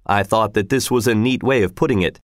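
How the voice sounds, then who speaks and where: A man's voice: lowish voice, fairly quick, no echo, clean studio sound, close to an everyday voice. A man reading aloud, voicing an earnest patriot who recounts his visit with some self-satisfaction. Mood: recounting. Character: earnest, indignant male patriot envoy.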